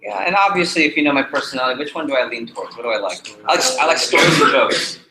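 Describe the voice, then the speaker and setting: A man teaching a live sales training session, animated and jokey, repeating his key points to the group. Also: mid-range voice, fast, reverberant, noisy background. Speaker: sales trainer leading a workshop.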